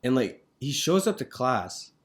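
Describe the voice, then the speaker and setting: A man's voice: mid-range voice, sing-song, a little slow. Young man, mid-range voice, rambling, hesitant, casual podcast chat. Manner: rambling, hesitant, many fillers. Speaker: podcast co-host.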